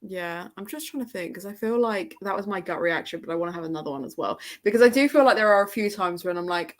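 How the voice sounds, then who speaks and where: A woman chats easily while hosting a reading livestream. She reads out viewer comments as she goes and breaks into laughter a lot. Her pitch sits in a middle range. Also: fast, few pauses. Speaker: livestream host. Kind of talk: casual chat.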